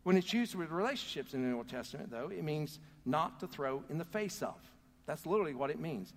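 A man's voice: on the high side, expressive, a little fast. A man preaching a sermon as pastor, earnest and calling on the congregation to answer back. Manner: earnest, calls out to the congregation for responses. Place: church. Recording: long hall reverb.

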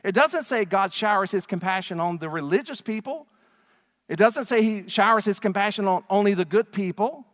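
A man preaching a sermon to his congregation in a church, emphatic and animated, with frequent rhetorical questions. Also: high-pitched, normal speed. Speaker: pastor. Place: church sanctuary. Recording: long reverb of a large hall.

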